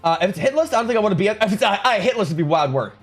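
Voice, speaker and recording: A man's voice: high-pitched, animated, very fast, slightly rough. A young man live-streaming, chatting casually with his viewers and reading out their comments, joking sarcastically and often restarting his sentences. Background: faint music.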